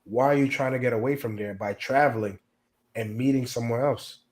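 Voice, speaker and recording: A man talks through his view in a casual discussion, measured and reflective, leaning in for emphasis. His voice is mid-pitched for a man. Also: a little mellow.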